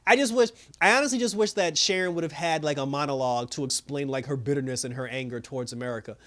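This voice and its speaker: A man giving a casual, rambling recap and review of a TV episode, excitable, with lots of fillers and laughing. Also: a little high, fast. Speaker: show reviewer.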